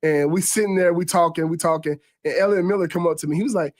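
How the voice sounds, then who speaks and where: 30s guy, ex quarterback, somewhat high voice, animated stories, repeats words a lot. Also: fast talker. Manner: animated, pitch jumps high when quoting others; repeats words while gathering thoughts. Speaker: former quarterback guest. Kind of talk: casual sports talk storytelling.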